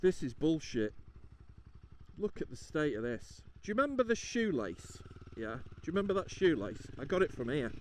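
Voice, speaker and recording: A man's voice: on the high side, big pitch swings, moderate pace, slight background noise. A British man vlogging from his motorbike, chatting and ranting to viewers with lots of swearing. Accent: British English. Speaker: motovlogger. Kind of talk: casual motorbike vlog. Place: outdoors, on a motorbike, then at a roadside dump.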